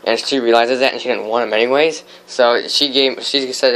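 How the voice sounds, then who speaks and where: A man's voice: mid-range voice, fairly even intonation, normal speed, a bit bright, slight background noise, low-quality recording. A teenage boy giving a rambling, casual walkthrough of his fish tanks at home, full of fillers and restarts.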